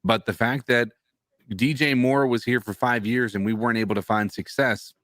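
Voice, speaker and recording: A man co-hosting a sports podcast, laying out his argument in a measured, reasoned way. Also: medium pitch, fairly even intonation, a bit bright, dry recording, clean studio sound. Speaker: podcast co-host. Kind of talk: casual sports chat.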